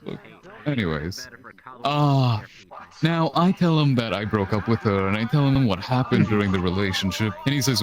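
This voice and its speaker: A young man telling a long, profane story in animated casual talk, acting out the quotes, over online voice chat. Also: on the low side, moderate pace, a crowd in the background.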